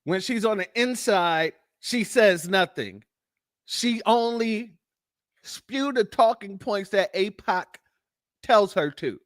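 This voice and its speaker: A man's voice: high-pitched, slow pace, fairly bright tone, no echo, clean studio sound. A man hosting political commentary, blunt and mocking, firing off rhetorical questions. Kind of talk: ranting commentary on news clips.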